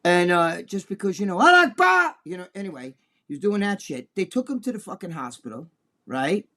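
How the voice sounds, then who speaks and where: A man's voice: sits high, expressive, fairly quick. A man co-hosting a podcast, talking bluntly and crudely, acting out other people's voices as he tells stories. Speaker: podcast co-host. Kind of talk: casual profane chat.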